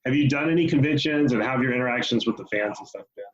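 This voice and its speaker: A man's voice: mid-range voice, racing, reverberant, muffled recording. A man from the American South co-hosting a podcast interview and asking the guest questions. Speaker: podcast co-host. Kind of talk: casual interview chat.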